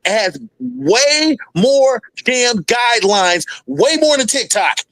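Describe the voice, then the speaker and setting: A man's voice: very high voice, big pitch swings, slow pace, fairly bright tone, poor audio. A man hosting a heated panel debate, ranting emphatically and often repeating himself.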